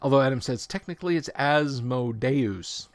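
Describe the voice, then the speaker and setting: A man's voice: mid-range voice, lively intonation, moderate pace, creaky, a bit bright, dry recording. A man hosting a casual livestream, reading tabletop rule text aloud and breaking off for joking asides and self-corrections. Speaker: livestream host.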